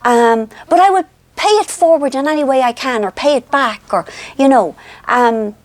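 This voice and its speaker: A woman with an Irish accent chatting to her viewers, an animated, self-deprecating storyteller. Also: sits high, moderate pace, dry recording. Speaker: vlogger. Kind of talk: casual chat to viewers.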